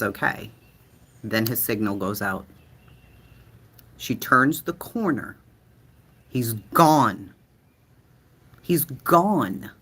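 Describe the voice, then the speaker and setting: A man tells true-crime stories with a bright, sharp tone and a husky edge. He is dramatic and profane, and he repeats his punchlines. His voice swoops from low mutters up to high exclamations. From Boston, USA. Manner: animated, profane, dramatic repetition. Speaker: host.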